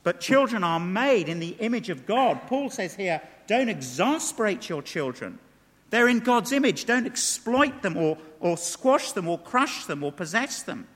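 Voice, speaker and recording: A high, bright-voiced man preaches a sermon with emphasis, tossing out rhetorical questions. His voice rings with the long reverb of a large hall. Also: big pitch swings, a little slow. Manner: emphatic, rhetorical questions, reads quotes aloud.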